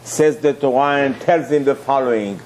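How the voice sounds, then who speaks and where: A man giving a sermon as a rabbi, telling a story lively acted-out dialogue and rhetorical questions. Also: mid-range voice, moderate pace, slight background noise.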